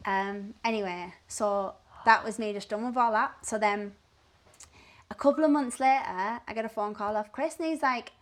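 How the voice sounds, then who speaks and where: A woman's voice: mid-range voice, moderate pace. A young woman, candidly telling her story as a podcast guest and swearing freely. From Teesside, England. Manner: blunt and swearing, animated retelling.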